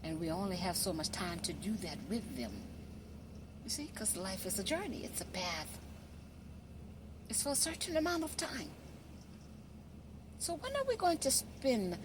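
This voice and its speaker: A woman delivering an impassioned monologue, preachy and emphatic, often asking "you see?" and dropping from loud to hushed. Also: mid-range voice, sing-song, normal speed, long pauses, background noise. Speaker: social media commentator.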